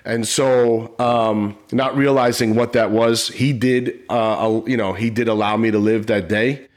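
A middle-aged man of middle pitch tells a personal story in an interview. His delivery is earnest and emotional, and it comes out in halting bursts. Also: fairly even intonation. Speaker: retired police officer and app founder.

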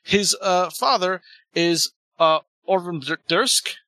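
Bright-voiced man telling a tale haltingly. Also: sits high, no room sound. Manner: halting, full of restarts and fillers. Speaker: tabletop game player. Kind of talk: in-character storytelling at a tabletop game.

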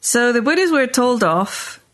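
A woman podcast host telling a story in casual chat, animated, often checking in with "right?". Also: on the high side, unhurried.

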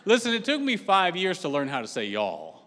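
A man's voice: high voice, big pitch swings, fast, fairly bright tone, long reverb tail. A man in his late forties, originally from Britain, giving a chatty, self-deprecating introduction as a guest pastor before his sermon. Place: church sanctuary.

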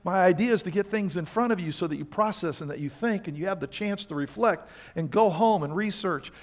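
Male pastor, high pitch, emphatic sermon delivery with pointed questions. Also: brisk. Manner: emphatic preaching with rhetorical questions.

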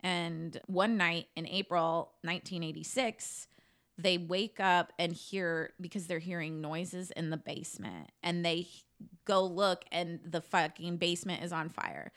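Chatty lower-voiced woman telling a case. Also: steady tone, measured pace, a bit bright. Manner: chatty, swears, lots of "like". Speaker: podcast co-host telling a case. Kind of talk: casual true-crime storytelling.

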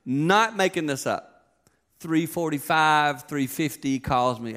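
A man in his fifties preaching a sermon in a chatty, joking way. His voice sits a little high, and he tells stories to make his points. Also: slow pace, fairly bright tone. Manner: conversational, joking storyteller. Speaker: pastor.

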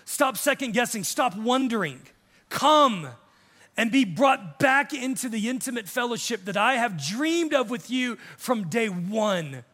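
A pastor around fifty preaching a sermon in a church sanctuary, impassioned, swinging from hushed to shouting and acting out the voices of others. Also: male voice, very high-pitched, expressive, unhurried, big-room sound. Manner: acts out quoted voices of others.

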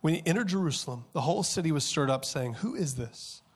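A man in his thirties preaching a sermon with passion, dropping to hushed tones and then rising to loud, urgent peaks. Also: a little high, animated, quick pace, slightly rough. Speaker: pastor.

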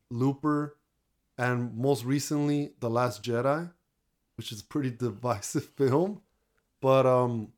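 Casual male co-host, conversational movie reviewer, filler-heavy, relaxed delivery. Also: medium pitch. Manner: chatty, retells plots with fillers. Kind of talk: casual chat.

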